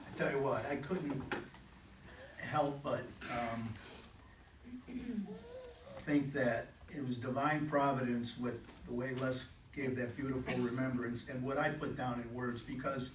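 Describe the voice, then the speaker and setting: A middle-aged man giving a eulogy for his mother, telling stories with gentle humor. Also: mid-range voice, fairly even intonation, unhurried, slight background noise. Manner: heartfelt, gently humorous storytelling. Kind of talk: memorial eulogy. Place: funeral home chapel. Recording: echoey room, distant mic, faint ambience.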